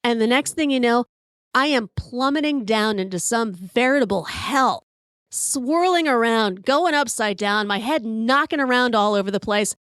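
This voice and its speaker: A woman in her fifties hosting a podcast, telling a story in an animated, profane way and acting out the quotes. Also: on the high side, normal speed, clear, resonant tone, dry recording, clean studio sound. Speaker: podcast host. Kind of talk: storytelling monologue.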